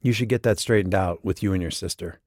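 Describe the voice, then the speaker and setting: A man voicing the wry, gentle ghost of a young man in an audiobook. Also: low voice, quick pace, no room sound, studio quality.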